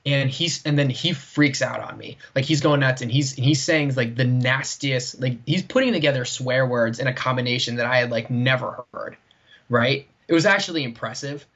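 Male co-host, husky voice, rambling anecdote style with many fillers, lo-fi dull recording. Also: medium pitch, normal speed, a bit bright. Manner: rambling, heavy use of "like" and "right?". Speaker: podcast co-host. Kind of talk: casual storytelling chat. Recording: dull lo-fi sound.

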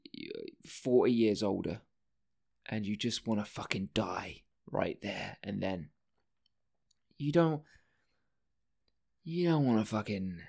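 A man's voice: on the low side, gravelly, darkish tone. A man hosting a casual solo podcast, rambling from one thing to the next, swearing often and breaking off his own sentences. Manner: rambling, profane, self-interrupting. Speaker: podcast host.

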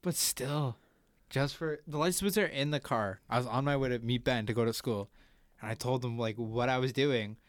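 A young man talks with friends in a loose, casual chat, swearing often as he tells animated stories. His voice sits at an ordinary pitch, and the sound is close and dry with no room echo. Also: moderate pace. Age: young adult. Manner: profane, animated storytelling.

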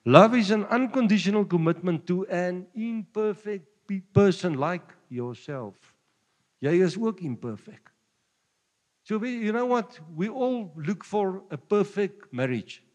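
A man with a South African Afrikaans accent preaching a sermon, jovial and quick to chuckle between points. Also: sits high, lively intonation, a little mellow, long reverb tail. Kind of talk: sermon mixing Afrikaans and English.

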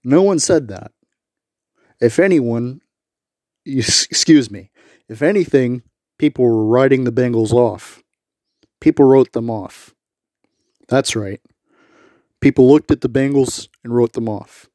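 Male podcast host, solo sports talk, unhurried and emphatic, repetitive, dry close-mic sound. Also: medium pitch, mellow, no room sound. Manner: repetitive, emphatic, many "you know" fillers.

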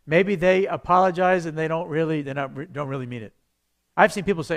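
A man, a pastor, teaching a church evangelism class in a conversational, animated way, acting out the voices he quotes. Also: a little high, fast.

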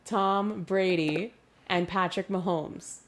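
Sweary animated woman podcast co-host. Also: lowish voice, slow pace, slight background noise. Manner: swearing, animated, laughs often. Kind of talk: casual chat.

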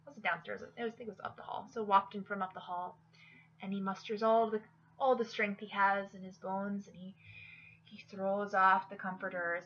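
A woman hosting a podcast, telling jokes in an animated, chatty way. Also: mid-range voice, dull audio, a little hiss or hum. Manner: animated, jokey storyteller with fillers. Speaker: podcast host. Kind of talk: casual joke-telling chat.

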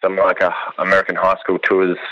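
A young Australian man, a cattle station worker, telling a long story in a relaxed, rambling way and laughing often. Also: low voice, a little fast, lo-fi sound. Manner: laid-back, rambling, laughs often, quotes others in lively voices. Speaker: cattle station ringer, guest. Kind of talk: casual storytelling.

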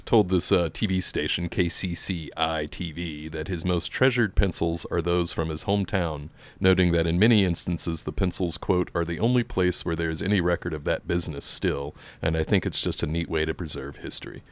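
A man co-hosting a casual podcast, reading a news item and bantering with frequent laughs. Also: low voice. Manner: laughs often, quick banter. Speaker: podcast co-host.

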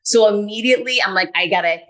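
Brief: bright, lively woman in her 40s, animated podcast guest storyteller. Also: mid-range voice, fast. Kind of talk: podcast interview.

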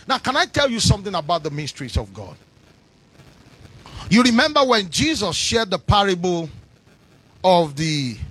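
Preacher, sermon, very high lively voice, husky, dry sound. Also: male voice, dry recording. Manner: animated, shouting, sing-song cadence, asks congregation to respond.

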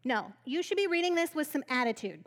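A woman with a high voice preaching a sermon, speaking to her listeners in a casual, conversational way. She retells scripture with a playful, humorous edge and lively storytelling. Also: brisk.

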